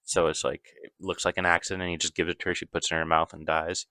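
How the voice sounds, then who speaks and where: A man's voice: sits low, flat delivery, fast talker, pushed and bright, dry recording. A man casually recapping a movie plot, rambling loosely with lots of fillers and self-corrections.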